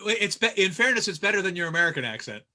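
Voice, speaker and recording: A man hosting a casual video-call reunion, joking and stammering with quick laughs. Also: sits high, sing-song, sharp tone. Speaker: host.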